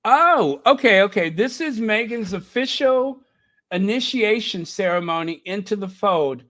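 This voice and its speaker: A man's voice: high voice, normal speed, fairly bright tone. A man hosting a channel, chatting casually and thinking aloud as he talks straight to his viewers. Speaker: channel host. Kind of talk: casual live reaction commentary.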